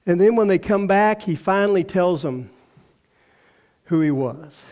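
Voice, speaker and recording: A man's voice: sits high, expressive, measured pace, darkish tone. An older man with a Texan accent preaching a sermon, telling stories in a folksy way and acting out the voices he quotes. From Texas. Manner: folksy storytelling, acts out quoted voices, laughs often. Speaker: pastor.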